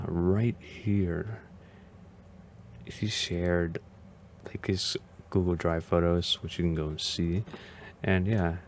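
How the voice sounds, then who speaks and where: A man's voice: deep voice, darkish tone, slight background noise. A man hosting a casual video reaction as a vtuber, talking in a hesitant, rambling way and often sounding unsure.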